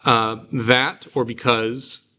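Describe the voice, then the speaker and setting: A man teaching a guided reading class, explaining slowly and patiently with fillers and restarts. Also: medium pitch, level tone, sharp tone. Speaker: Greek teacher.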